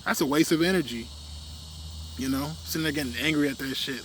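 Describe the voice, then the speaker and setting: A young man with a slightly higher voice rambles through a casual rant, leaning on fillers and letting his sentences fade out. Faint crickets chirp behind him in the night air outdoors. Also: fairly quick, a little hiss or hum. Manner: rambling, frequent fillers, trails off quietly.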